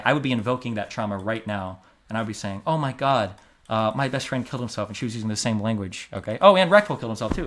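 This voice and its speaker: A man in his thirties from the United States, a streamer giving blunt, emphatic commentary on a livestream, dropping to muttered asides between loud stressed points. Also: medium pitch. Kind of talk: livestream commentary reading a court transcript.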